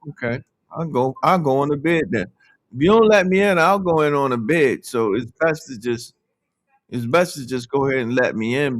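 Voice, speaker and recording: A man coaches day trading while trading live, chatting in an animated way and talking out loud to the market. His mid-range voice has no echo.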